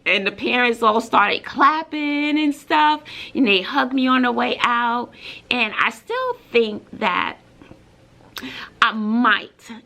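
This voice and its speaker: A bubbly woman from Brooklyn, a middle school teacher, chats casually to her vlog audience. Her voice is bright and sharp with a gravelly edge, and she talks with lots of fillers and open feeling. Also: a little high, slow. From Brooklyn, New York. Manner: bubbly and emotional, with many fillers.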